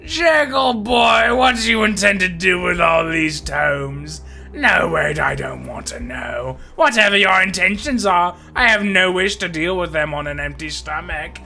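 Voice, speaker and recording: A game player voicing a hearty, stout older male professor who talks loudly and cheerfully. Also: unhurried, creaky, soft background music. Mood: boisterous. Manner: booming, shouted, cheerful. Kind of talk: video game voice acting, read aloud.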